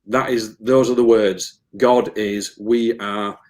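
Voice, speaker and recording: A man's voice: on the low side, fairly even intonation, slow pace, a little mellow. A man, a medium giving an earnest, emotional interview, often repeating words as he rambles. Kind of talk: casual spiritual interview talk.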